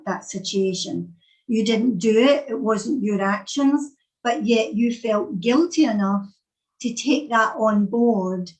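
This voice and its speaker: A woman's voice: medium pitch, poor audio. A middle-aged woman with a Scottish accent, giving an earnest talk over a video call and repeating phrases as she searches for words. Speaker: psychic speaker.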